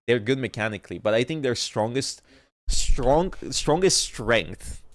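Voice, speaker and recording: A man's voice: medium pitch, animated, a little slow, dry recording. A young man with a stuffy nose, commenting on an esports match in blunt, profane, rambling talk on a livestream. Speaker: esports streamer.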